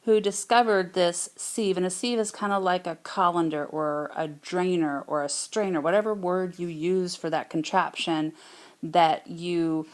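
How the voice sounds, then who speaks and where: A woman's voice: lowish voice, steady tone, a little slow. A woman teaching a math lesson in a casual, explanatory way, thinking aloud with fillers as she works on a whiteboard app. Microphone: tablet microphone.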